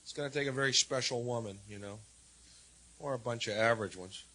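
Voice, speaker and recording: A man performing a stand-up routine in a wry, sardonic way, swinging between low mutters and loud jabs. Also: fairly quick, low-quality recording. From United States. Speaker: stand-up comedian.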